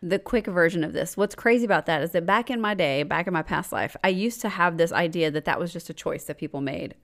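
On a relaxed podcast, a woman in her forties who co-hosts the show reads a listener's letter with theatrical pauses and plenty of laughing. Her voice falls on the low side.

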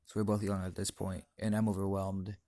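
Earnest teen boy host, deep voice. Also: level tone, fast, mellow, no echo. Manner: earnest, emotional, confiding. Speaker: podcast host. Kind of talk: personal storytelling monologue.

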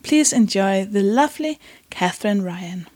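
A woman's voice: mid-range voice, expressive, moderate pace. A woman hosting a comedy podcast, rambling and friendly, laughing a lot. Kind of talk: casual podcast conversation.

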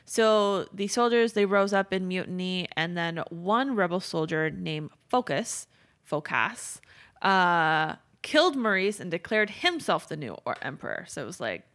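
A woman's voice: fairly low pitch, lively intonation, moderate pace, few pauses, fairly bright tone. Young woman rambling thru history, swears a bit, keeps correcting herself. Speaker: podcast host telling history. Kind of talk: casual storytelling chat.

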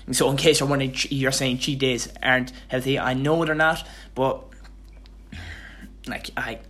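A young man talks alone into his podcast mic, tired and loosely rambling. His voice sits at an ordinary middle pitch, and he starts sentences over and throws in casual swearing as he goes. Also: a bit bright. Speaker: podcast host. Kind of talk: casual motivational monologue.

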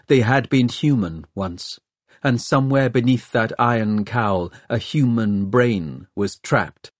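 Slow, husky male audiobook narrator. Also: medium pitch, no echo.

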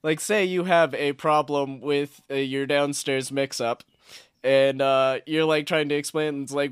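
A man's voice: mid-range voice, fairly even intonation, normal speed, clean tone, no echo, studio quality. A man co-hosting a casual podcast chat, often stumbling and searching for the right word. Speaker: podcast co-host.

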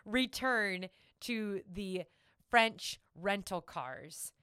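Smooth-voiced giggly woman storyteller. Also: mid-range voice, very slow, dry recording, studio quality. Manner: animated, giggly, acts out quotes. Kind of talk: casual storytelling chat.

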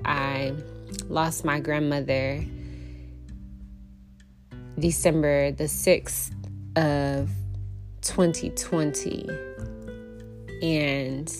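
A young adult woman hosting a podcast, sharing a personal story in a heartfelt way and laughing often. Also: low-pitched. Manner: heartfelt, animated when quoting herself, laughs often. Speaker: podcast host. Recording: faint guitar music behind.

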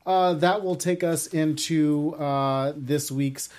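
A man's voice: a little high, steady tone, slow, darkish tone. A chatty man hosting a fan after-show. He moderates the panel casually, keeping the talk moving with loose fillers, and he sounds as if he is on a studio mic.

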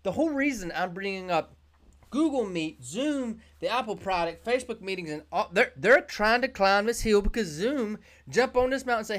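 This is an excitable host talking alone on a business podcast, full of jokes and tangents. The host speaks straight to the listener in a salesy tone and sometimes whoops out loud. The voice sits at a medium pitch. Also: normal speed. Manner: excitable, joking, rambling, with sudden whoops. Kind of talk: solo business podcast monologue.

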